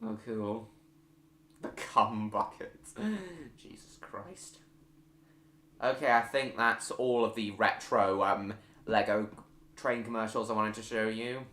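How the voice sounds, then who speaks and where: A man's voice: fairly low pitch, flat delivery, unhurried, pushed and bright, echoey room. A man hosting a live stream, chatting casually with viewers and reading out their comments, with frequent fillers and restarts.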